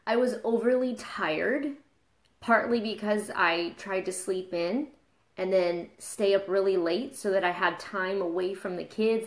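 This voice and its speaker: Candid mom talking in an echoey room. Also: female voice, medium pitch. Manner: candid, confessional, gets emotional. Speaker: mom and fitness trainer. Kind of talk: casual live video talk.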